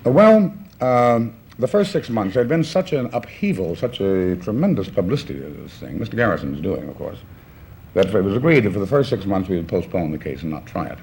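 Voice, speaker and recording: A low-voiced man in his fifties from New Orleans talks quickly as a talk show guest. His pitch swings widely as he acts out quoted exchanges. A faint hiss sits under this old 1960s television recording. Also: very animated, a little mellow. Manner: recounts events with acted-out quoted dialogue. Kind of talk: casual chat.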